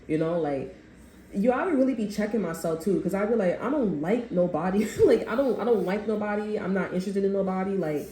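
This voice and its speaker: A woman gives a casual tarot reading in a warm, medium-pitched voice at a brisk pace. She rambles in loose slang and acts out what people say, recorded in an echoey room with faint background noise.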